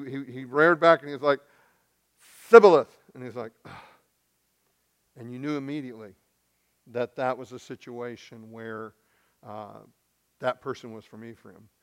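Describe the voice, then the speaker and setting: A man from Arkansas, preaching a sermon and acting out the voices in the story, swinging from loud to hushed. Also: mid-range voice, smooth. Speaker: pastor.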